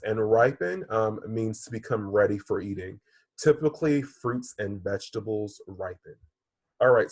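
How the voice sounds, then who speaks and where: A man's voice: fairly low pitch, breathy edge, dry recording. A male third-grade teacher giving a recorded online reading lesson, speaking patiently and often calling his pupils "friends" between many "um"s.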